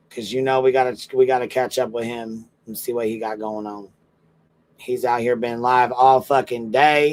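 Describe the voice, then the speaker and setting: A man's voice: medium pitch, rough recording. A man hosting a casual livestream, checking in with viewers in slangy, repetitive talk. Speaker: livestream host.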